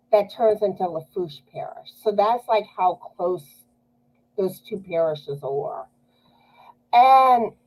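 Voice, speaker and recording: Cajun lady hosting her knitting stream, slow and mellow, chatty with lots of laughs. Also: medium pitch, rough recording. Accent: South Louisiana Cajun. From South Louisiana. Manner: chatty, laughs often, drawn-out filler words. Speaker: host of a knitting live stream. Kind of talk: casual live-stream chat.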